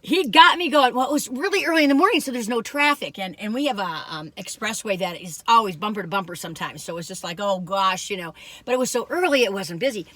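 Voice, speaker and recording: Older woman vlogger, bright, rambling storyteller. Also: mid-range voice, lively intonation, quick pace, no echo. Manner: chatty and rambling, acts out quoted voices. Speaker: food reviewer vlogger. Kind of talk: casual storytelling chat to camera.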